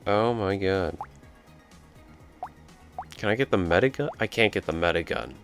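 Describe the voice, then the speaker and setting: Over music, a man with a low-sitting, expressive voice speaks at a normal speed. As a let's play commentator, he tells a loose, rambling story while gaming and stops to react to the action.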